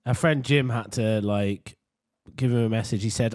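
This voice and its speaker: A man's voice: on the low side, moderate pace, hardly any pauses, darkish tone, no echo. Man, chatty, laughing, dry close recording. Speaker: podcast co-host. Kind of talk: casual comedic chat.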